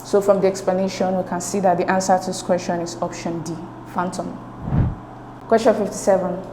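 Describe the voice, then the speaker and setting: A woman's voice: fairly low pitch, level tone, fairly quick, dark tone. A woman working through English exam questions as a tutor, explaining them step by step with a patient manner and checking in with "okay?". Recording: echoey room with faint noise.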